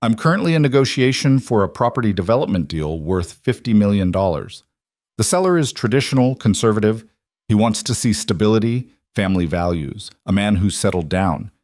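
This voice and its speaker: The male narrator plays a mafia boss in control, his calm, low voice matter-of-fact and conversational, almost gentle, yet cold, close to an everyday voice. The pace is brisk, and the audio is close and dry with no room sound.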